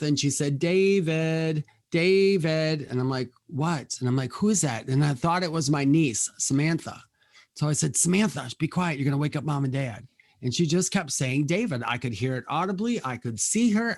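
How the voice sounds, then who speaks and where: A man in a casual podcast interview, telling stories in a chatty, animated way and acting out the quotes, on a close studio mic. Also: medium pitch, no room sound. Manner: chatty, animated storyteller who acts out quotes. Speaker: guest, spiritual medium.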